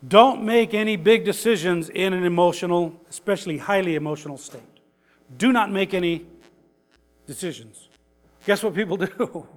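An older male pastor with a high voice preaches in a folksy, chatty way, chuckling between points before pressing hard on them. His voice carries a long hall reverb. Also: moderate pace. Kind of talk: conversational sermon.

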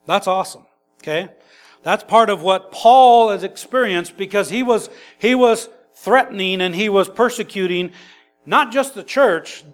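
A man preaching an expository sermon in a conversational, animated way, acting out quotes and adding quick asides. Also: sits high, faint music behind. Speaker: pastor.

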